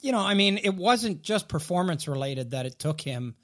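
A man's voice: sits high, animated, normal speed, a bit bright. A man co-hosting a casual hockey podcast, opinionated and repeating words as he gets his sentences going. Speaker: podcast co-host.

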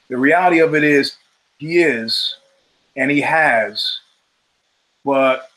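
A man's voice: mid-range voice, a bit bright, rough recording. A middle-aged man hosting his own show, telling stories in a casual, profane monologue and acting out the voices of people he quotes. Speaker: show host.

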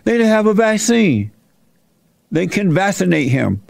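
A man's voice: high voice, very animated, measured pace, gravelly, no echo, clean studio sound. A man hosting his show and retelling a Bible story in a folksy, plainspoken sermon style. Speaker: host and preacher.

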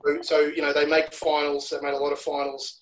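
A man's voice: fairly high pitch, completely flat delivery, a little fast, slight background noise, poor audio. A man from Australia talking as a rugby analyst guest on a podcast, explaining at length and repeating words as he restarts. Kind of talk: casual podcast chat.

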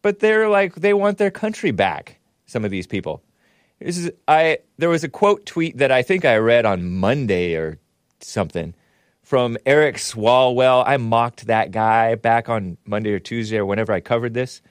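A man hosting his own show, speaking in a steady mid-range voice with a sarcastic edge. He rambles and corrects himself as he goes, tossing in side remarks. His voice is close and dry, with no room sound around it. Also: mid-range voice, normal speed, clean tone, no room sound. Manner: rambling, sarcastic, with frequent self-corrections and asides. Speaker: show host. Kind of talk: casual live-stream political commentary.

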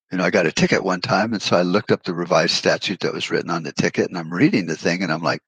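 A man's voice: deep voice, a little fast, fairly bright tone, breathy edge, no room sound, rough recording. A middle-aged man hosting a podcast, ranting bluntly about government overreach and swearing freely, with folksy comparisons. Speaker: podcast host. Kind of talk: profane political rant.

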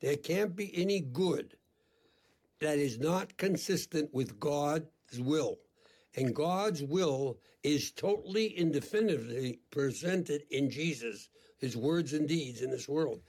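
An older man, a priest, speaking as an interview guest in an emphatic, deliberate, preacherly way. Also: a little high, lively intonation, darkish tone.

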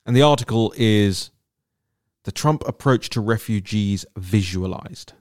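A man with a fairly low voice hosts a political commentary podcast on his own, in an indignant and emphatic tone. He often repeats words for stress as he builds his case. The sound is dry and close, with no room echo. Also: unhurried, a little mellow.

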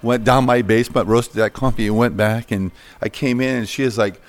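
Speaking at a fairly quick clip, this middle-aged coffee business founder is a guest in a casual interview. His voice is medium-pitched with fairly even intonation, and his meandering stories are packed with fillers and false starts.

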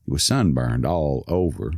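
A man with a low, deep voice reads a story aloud in a calm, measured way. The recording is dry and close, with no echo. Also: vocal fry. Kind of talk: scripted narration.

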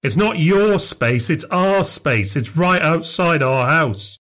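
A man's voice: medium pitch, lively intonation, pitched above the performer's own voice, close to an everyday voice. A man voicing a smug, defensive young father, speaking indignantly. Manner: indignant, slow and insistent.

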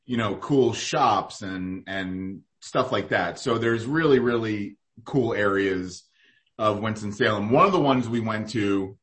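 A man's voice: on the low side, measured pace, a bit bright. Rambling man chatting on a podcast. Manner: rambling, full of fillers and restarts. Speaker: guest food reporter. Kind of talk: casual podcast chat.

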